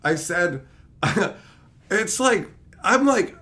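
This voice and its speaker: Man telling a story, tired and profane, animated with laughing asides, slightly higher voice. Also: slow pace. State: tired from lack of sleep. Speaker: channel host. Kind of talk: casual storytelling rant.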